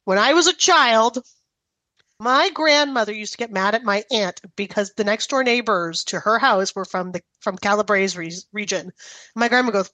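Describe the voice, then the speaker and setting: A woman in casual podcast chat, telling lively family stories. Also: medium pitch, normal speed, no room sound. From Italian-American family. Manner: animated storytelling.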